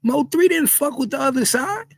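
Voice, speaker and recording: A man doing heated livestream commentary, repeating himself in disbelief and often shouting. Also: very high voice, lively intonation, normal speed, vocal fry, no room sound. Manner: repetitive, incredulous, frequently shouting. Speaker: commentary streamer.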